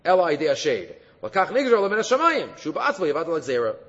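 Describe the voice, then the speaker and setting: A man giving an animated Talmud lesson, full of fillers and quick asides. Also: a little high, husky, big-room sound, dull audio. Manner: animated, mixes English with Hebrew and Aramaic, many fillers. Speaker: Torah teacher. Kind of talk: Talmud lecture.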